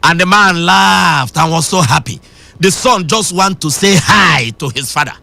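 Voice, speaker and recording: Bright, lively preacher man. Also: fairly high pitch, measured pace, creaky, no echo, soft background music. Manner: emphatic preaching that swings between shouting and sing-song. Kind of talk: radio sermon.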